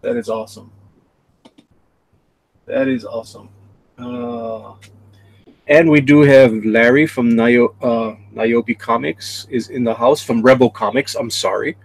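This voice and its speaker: A man's voice: medium pitch, fairly even intonation, measured pace, gravelly, long pauses, poor audio. A man hosting a casual live drawing stream, chatting and reading viewer messages aloud.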